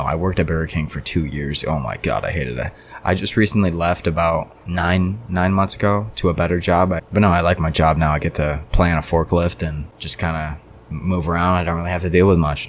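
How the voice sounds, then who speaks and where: A young man with a very low, deep voice telling a story to camera. He swears freely and rambles off on side tangents in a loose, casual storytime rant. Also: slight background noise. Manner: profane, rambling, goes off on tangents. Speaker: storytime vlogger.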